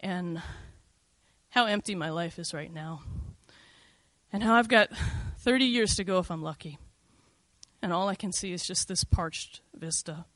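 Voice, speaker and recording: A middle-aged woman recounts a personal story with a bright, forceful edge to her voice. She talks casually and confessionally, scattering "like" and "you know" through her sentences. The recording is close and dry, with no room sound. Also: fairly low pitch, unhurried, no echo. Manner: conversational, frequent "like" and "you know", candid and confessional.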